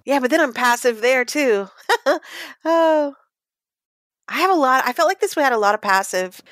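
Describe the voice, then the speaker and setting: A woman of middle pitch takes notes on her writing with easy agreement, asking how to fix things. Her voice sounds close and dry, with no room echo. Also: expressive, normal speed, a bit bright. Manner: agreeable, asks questions, short replies. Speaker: writer receiving feedback. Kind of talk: casual chat.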